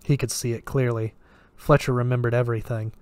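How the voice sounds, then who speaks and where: A man narrating a thriller story aloud in a steady reading voice with small restarts. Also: mid-range voice, brisk, clean tone, no room sound. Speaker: story reader. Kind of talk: audiobook narration.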